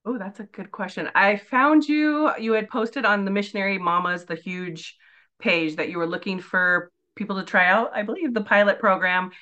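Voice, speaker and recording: A woman's voice: medium pitch, fairly even intonation, brisk, sharp tone, highs cut off. Chatty woman guest in her forties. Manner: chatty storyteller, many "like" fillers. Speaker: podcast guest. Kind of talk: casual interview chat.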